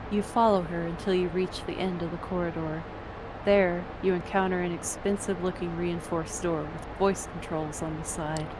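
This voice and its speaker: A woman narrating a story in the second person, measured and descriptive. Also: fairly low pitch, fairly even intonation, background noise.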